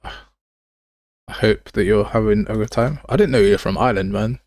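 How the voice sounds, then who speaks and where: A man's voice: lowish voice, moderate pace, darkish tone, no echo. Young man, game dev streamer, casual and chatty, dry close mic. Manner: casual, chatty, answers chat, uses mate and pal. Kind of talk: live coding stream chat.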